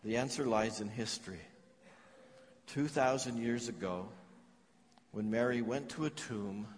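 A man preaching a sermon as pastor, telling stories earnestly with pauses and restarts. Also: mid-range voice. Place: large church hall. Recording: long hall reverb.

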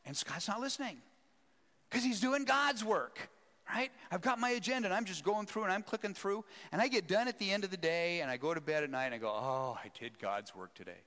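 Animated male storyteller in an echoey hall. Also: sits high, fairly quick. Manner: animated, self-mocking storyteller. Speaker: seminary president, speaker. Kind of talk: storytelling teaching talk.

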